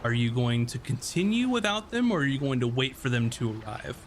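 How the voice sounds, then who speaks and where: A man running a tabletop game who narrates scenes casually and loosely, with plenty of pauses and fillers. His voice is mid-pitched and relaxed. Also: slight background noise. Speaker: game master.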